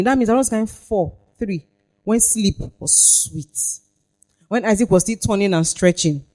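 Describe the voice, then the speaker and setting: A woman's voice: medium pitch, animated, fairly quick, darkish tone. A woman leading a parenting workshop, reading scripture aloud and pressing the audience with questions. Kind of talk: workshop teaching with Bible reading.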